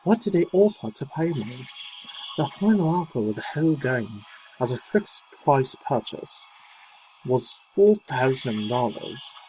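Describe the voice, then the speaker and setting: A man voicing a woman, quoting her words in a put-on British accent, slow and earnest. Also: medium pitch, expressive, darkish tone, slight background noise, close to an everyday voice, low-quality recording.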